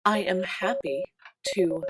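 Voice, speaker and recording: A woman voicing a sharp, sarcastic telegraph operator messaging from a distant office. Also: fairly low pitch, slow pace, very noisy.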